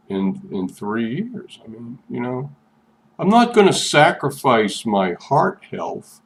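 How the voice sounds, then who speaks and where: A man's voice: medium pitch, gravelly. An older man talking through a rambling personal vlog, chatty and meandering, often repeating himself. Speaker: vlogger.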